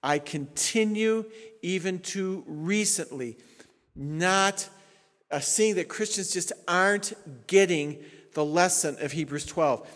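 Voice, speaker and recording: A middle-aged man, a pastor, preaching a sermon emphatically, swinging between hushed and loud, sounding tired. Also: sits high, slow pace. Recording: long hall reverb.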